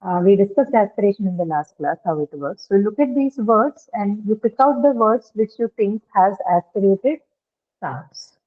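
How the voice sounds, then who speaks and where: A woman's voice: mid-range voice, expressive, normal speed. Woman teaching over a tinny call. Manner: asks frequent check questions, many fillers. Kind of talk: online phonetics lesson. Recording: tinny phone-like call audio.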